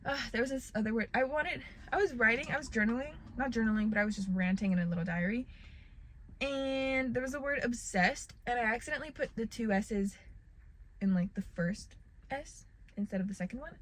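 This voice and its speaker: A woman's voice: a little high, brisk. A young woman vlogging from a parked car, chatting casually in a rambling, self-deprecating way with lots of fillers. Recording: loud car and traffic noise.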